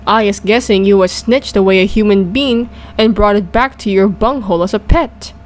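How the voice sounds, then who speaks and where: A woman voicing a huge, brutish man-eating male giant who booms and shouts insults. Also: moderate pace, lightly acted. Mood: bullying.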